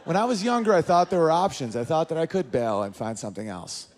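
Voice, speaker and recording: A man in his thirties doing an animated stand-up comedy routine, jumping in and out of character voices. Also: fast, a little hiss or hum. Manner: animated, jumps into high-pitched character voices.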